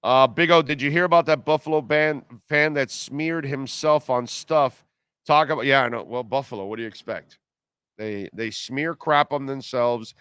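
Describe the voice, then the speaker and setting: A man's voice: mid-range voice, pushed and bright, no room sound, studio quality. A man hosting a live sports radio show, ranting sarcastically and reading listener comments. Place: car dealership live broadcast.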